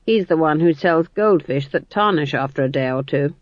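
A woman's voice: low voice, moderate pace, no echo, close to an everyday voice. A woman voicing a proud, disapproving old female witch who speaks curtly. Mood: stern. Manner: curt, disapproving. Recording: dull dry studio read.

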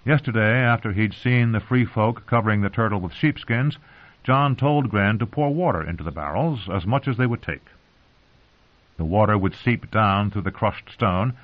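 A lower-voiced man narrating a fantasy novel with steady, serious pacing. The audio is narrow and tinny, as if heard over a phone line. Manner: measured, grave storytelling.

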